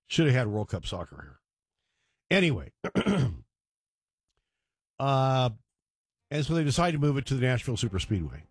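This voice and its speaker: A man's voice: medium pitch, big pitch swings, moderate pace, pauses often, husky, dry recording, studio quality. A man hosting a talk radio show, rambling and digressing with joking asides. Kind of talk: casual talk radio monologue.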